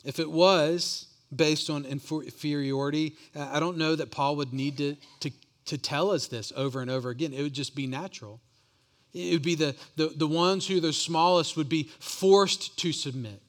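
A man's voice: on the high side, fairly even intonation, normal speed. A man preaching a sermon as pastor, earnest and often repeating words as he builds each point.

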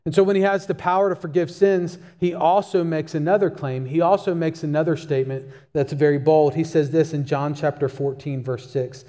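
Man, pastor, sermon, emphatic, repeats phrases for stress, mellow tone, long hall reverb. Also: on the high side, normal speed, few pauses.

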